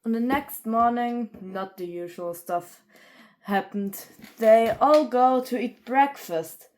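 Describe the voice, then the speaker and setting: Very slow woman telling a homemade story. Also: a little high, darkish tone, slight background noise. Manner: halting, with pauses and fillers. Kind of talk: homemade fan story narration.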